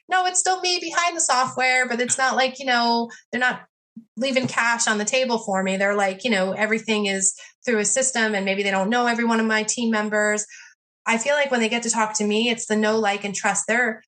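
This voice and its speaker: A woman's voice: medium pitch, a bit bright. A woman chatting casually as a podcast guest about her pet sitting business, full of "like" and "you know" and acted-out quotes. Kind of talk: casual interview chat.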